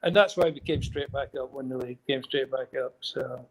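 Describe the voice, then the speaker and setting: A man's voice: mid-range voice, brisk, low-quality recording. An older man with a Scottish accent, a former footballer telling rambling anecdotes as a guest, breaking into chuckles now and then. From Scotland. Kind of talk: casual storytelling.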